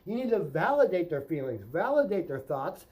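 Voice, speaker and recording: Brief: male sales trainer, higher voice with a dark, mellow tone, emphatic, keeps asking "right?". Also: sing-song, moderate pace, low-quality recording. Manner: emphatic coaching, role-plays customer and salesman lines; repeats "right?" to check in with viewer. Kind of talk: instructional vlog.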